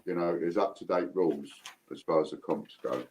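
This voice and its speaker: This is a man with a deep, low voice, hosting a relaxed livestream. He rambles and circles back over his own words. He talks into an iPad on a video call. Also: a little fast, a little hiss or hum. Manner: rambling, repeats himself. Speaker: host. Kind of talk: casual livestream chat.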